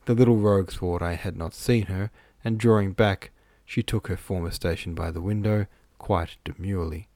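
Deep-voiced man narrating a novel. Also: dry recording, clean studio sound. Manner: steady, measured storytelling. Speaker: audiobook narrator. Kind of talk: scripted narration.

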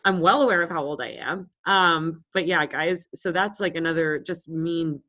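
Woman, around 30, slightly low voice, podcast co-host, casual chat, blunt, swears a lot. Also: moderate pace, pushed and bright. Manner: profane, blunt storytelling.

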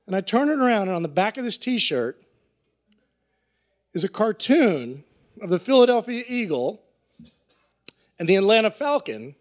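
High-voiced profane male storyteller. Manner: animated, profane, acting out characters. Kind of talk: live comic storytelling.

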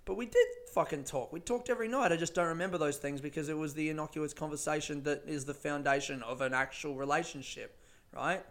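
A man's voice: on the high side, quick pace, a bit bright. Rambling, profane young man. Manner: rambling, profane, often laughing. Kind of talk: casual personal storytelling.

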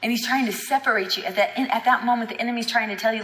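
A woman preaches at a healing school with a fervent, emphatic drive, slipping into the voices of the people she quotes. Her voice sits a little high and comes out bright and forceful. It rings through a roomy hall with a long reverb tail. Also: very fast. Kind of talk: teaching sermon.

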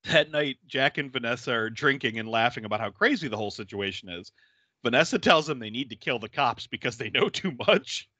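A man chats through a movie recap with a bright, forceful voice that leaps up and down in pitch. He laughs often and slips into silly voices. The sound is dry and close. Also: a little fast, dry recording. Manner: animated storytelling, doing silly voices for characters, laughing often. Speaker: podcast co-host recapping a film. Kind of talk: casual chat.

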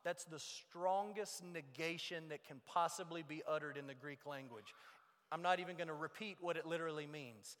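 A man preaching a sermon as pastor, moving between loud emphasis and hushed low lines. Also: moderate pace. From United States. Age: young adult or middle-aged. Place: church sanctuary. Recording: long reverb of a large hall.

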